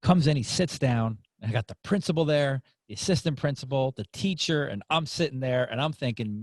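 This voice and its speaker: A man hosting a podcast interview, telling a story in a casual, animated way and acting out the people in it. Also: mid-range voice, brisk, few pauses, no room sound. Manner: animated, acts out voices in anecdotes. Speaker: podcast host.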